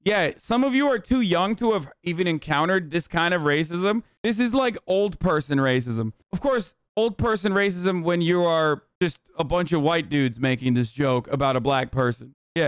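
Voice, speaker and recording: A man's voice: a little high, lively intonation, normal speed, few pauses, smooth, no room sound, studio quality. A man hosting a livestream, giving loose, profane, chatty reaction commentary. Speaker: livestream host.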